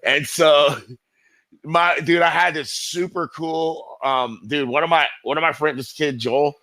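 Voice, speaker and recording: A middle-aged man with a bright, forceful voice, spinning loose stories as an interview guest. He rambles, swears freely and leans on fillers, in a dry, close recording. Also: a little high, fairly even intonation, measured pace, no room sound. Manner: rambling, profane, heavy with fillers. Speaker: guest skateboarder. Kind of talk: casual storytelling interview.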